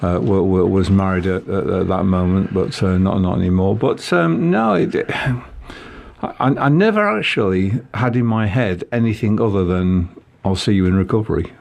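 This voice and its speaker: A man's voice: low voice, creaky, darkish tone. A man telling a personal story in casual conversation, with frequent halts and restarts. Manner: halting, many restarts. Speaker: guest.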